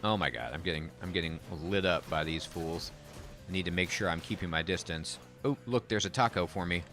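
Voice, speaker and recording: A man's voice: deep voice, brisk, fairly bright tone, faint music behind. A man giving casual, chatty commentary while playing a video game and reacting aloud to the action. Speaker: game streamer.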